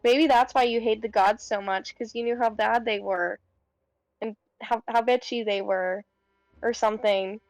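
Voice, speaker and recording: Young woman player, chatty and meandering, bright-pitched, dry. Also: fairly even intonation, normal speed, no room sound. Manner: rambling, chatty, filler-heavy. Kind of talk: casual tabletop role-play.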